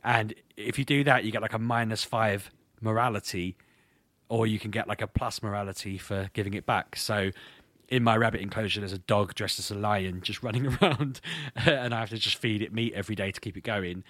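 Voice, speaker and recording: A man chatting casually on a podcast, telling rambling, amused stories with a slightly hoarse voice. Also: on the low side, fairly even intonation, brisk, a bit bright, dry recording. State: slightly hoarse, clearing throat. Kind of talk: casual chat.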